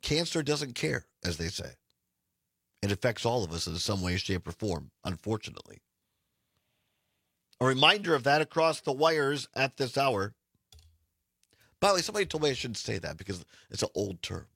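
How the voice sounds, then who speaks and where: A man hosts a talk radio show with a hoarse, raspy throat, often stumbling and restarting mid-sentence. His pitch sits in an ordinary middle range. The sound is close and dry, with no room around it. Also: sing-song, moderate pace, long pauses, sharp tone, no room sound.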